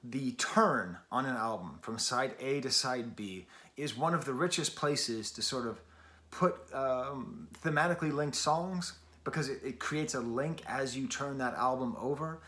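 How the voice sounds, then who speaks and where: A man's voice: mid-range voice, a little slow, sharp tone. A man giving a casual spoken album review in a loose, chatty way, full of "like" and "sort of" fillers.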